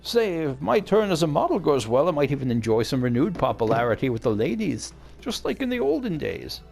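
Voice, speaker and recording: Guy doing a bragging old fighter, put-on old man voice, gravelly, game music faint behind. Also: a little high, sing-song, brisk, a little mellow, exaggerated voice. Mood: gruff. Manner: hearty, self-satisfied.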